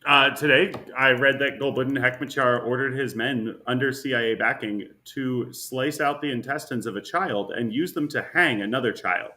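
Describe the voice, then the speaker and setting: A man co-hosting a casual podcast chat, sardonic and quick to laugh. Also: medium pitch, bright, forceful tone. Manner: sardonic, laughs often, puts on mock voices. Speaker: podcast co-host.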